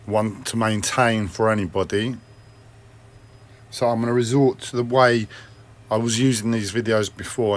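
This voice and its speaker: A man speaking alone on a personal livestream vlog. He rambles, criticises himself, swears often, and keeps clearing his throat and coughing. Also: on the low side.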